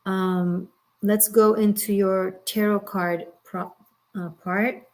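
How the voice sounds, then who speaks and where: A woman reading tarot cards on a live stream, her talk rambling and broken by fillers and restarts. She speaks gently and reassuringly, sounds moved almost to tears, and keeps a voice of middling pitch. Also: level tone, slow pace. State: emotional, near tears. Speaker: tarot reader.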